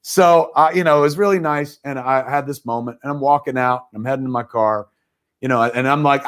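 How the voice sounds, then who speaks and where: Animated middle-aged man telling a story. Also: mid-range voice, brisk. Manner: animated storyteller, swears freely, acts out quotes. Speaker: guest filmmaker. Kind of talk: livestream anecdote telling. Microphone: video call.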